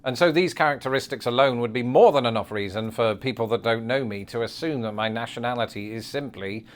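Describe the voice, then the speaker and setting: English guy in his 30s vlogging from bed, dry jokey self-mocking tone, average pitch. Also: brisk. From England. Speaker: YouTuber. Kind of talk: comedic vlog monologue. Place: bedroom.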